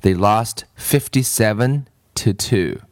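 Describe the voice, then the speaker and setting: A man reading a children's storybook aloud with expressive narration. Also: fairly low pitch, slow, dry recording, studio quality.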